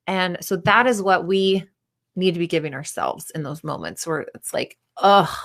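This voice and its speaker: A woman's voice: on the low side, moderate pace, fairly bright tone. A woman in her thirties, a performance coach, giving a candid, casual talk and acting out the voices of people she quotes.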